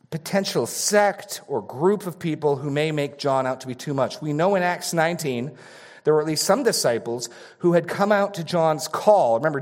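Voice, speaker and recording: A male pastor preaching an expository sermon, repeating key phrases and swinging between raised emphasis and hushed asides. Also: fairly high pitch.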